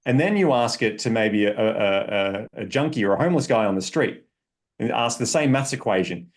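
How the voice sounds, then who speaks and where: On a casual podcast, a man speaking as a relationship coach explains things emphatically, using examples and checking in often. His voice is mid-range, expressive and brisk.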